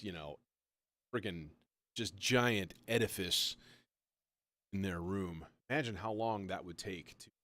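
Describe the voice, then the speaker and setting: Low-voiced man rambling casually on a livestream. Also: fairly bright tone. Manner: rambling, self-mocking, swears often. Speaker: livestream host building a modular synth. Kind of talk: casual livestream chat while working.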